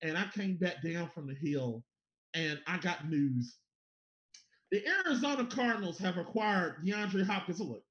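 A man hosting a casual sports podcast, excitable and stammering, swearing often. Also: high-pitched, normal speed. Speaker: podcast host. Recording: echoey room, dull lo-fi sound.

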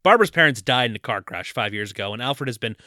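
A man's voice: mid-range voice, lively intonation, fast talker, sharp tone, no room sound, studio quality. A man co-hosting a podcast, riffing sarcastically on a movie and acting out jokey voices for its characters. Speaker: podcast co-host. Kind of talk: casual movie-riffing chat.

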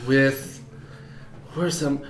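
A man's voice: mid-range voice, very slow, slight background noise. A man hosting a casual chat, laughing often and swearing freely as he talks. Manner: laughing, profane, animated. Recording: roomy echo.

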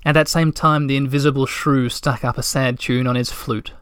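A man narrating a storybook in a calm, measured way. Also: mid-range voice, clear, resonant tone, dry recording, clean studio sound. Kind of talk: audiobook narration.

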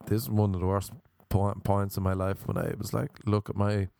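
A man's voice: lowish voice, level tone, fairly quick, vocal fry, dark tone, no room sound. A young Irish man with a Cork accent, rambling through a sardonic stand-up story, swearing and acting out voices. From Ireland.

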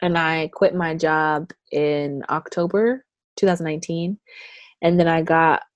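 This young woman speaks casually at a measured pace in a laid-back interview, her somewhat low voice leaping in pitch whenever she quotes someone in her animated stories. The sound is close, dry and muffled, with no room ambience.

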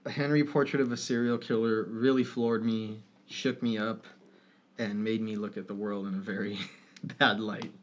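A man's voice: lowish voice, level tone, normal speed. A man in casual conversation about a film, talking with feeling, swearing casually and laughing now and then.

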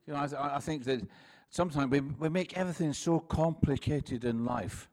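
A Scottish man in his sixties, a pastor preaching a relaxed sermon full of jokes, stories and quick restarts. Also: a little high. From Scotland. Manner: chatty, self-deprecating, with frequent laughs and restarts. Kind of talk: sermon with humorous anecdotes.

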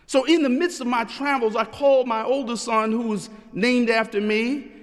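A middle-aged man preaching a sermon in a measured preaching cadence that rises and slows for emphasis, recorded in a large church sanctuary. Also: very high-pitched, in a large hall. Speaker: pastor.

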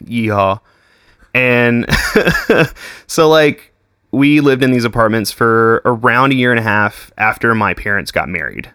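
A young man in his twenties tells stories in a loose, rambling chat, dropping curse words and filler words everywhere. His voice sits at an ordinary pitch and sounds close and dry, with no room sound around it. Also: expressive, unhurried, sharp tone, smooth, dry recording. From Texas. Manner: swears constantly, says "like" and "dude" a lot. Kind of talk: casual chat.

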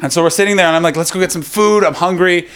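Young guy doing stand-up, swears a lot, rants, slightly high voice. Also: rapid-fire. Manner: profane, ranting, animated. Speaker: stand-up comedian. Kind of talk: stand-up comedy.

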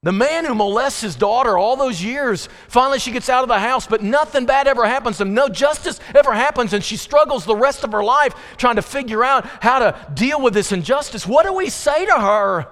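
A male preacher delivering an impassioned sermon, swinging from pleading questions to slow, low emphasis. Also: animated, fairly bright tone. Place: church sanctuary. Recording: long reverb of a church hall.

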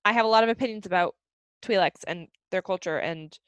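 A woman's voice: medium pitch, brisk, clean tone, dry recording, dull audio. A woman co-hosting a casual chat about a show, opinionated and laughing often as she lists her points. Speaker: podcast co-host.

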